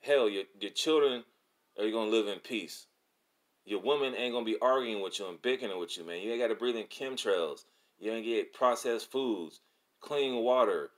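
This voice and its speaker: In Atlanta, a religious video presenter with a lowish voice preaches scripture in a loose, excited street style at a moderate pace. His speech is profane and slangy, he keeps calling listeners "man," and he swings between calm reading and fired-up exhortation.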